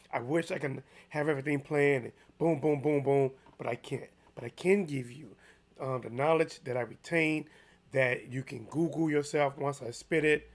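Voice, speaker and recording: A man hosting a casual solo sports commentary, chatty and animated with lots of restarts, his voice a little hoarse. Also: a little high. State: slightly hoarse.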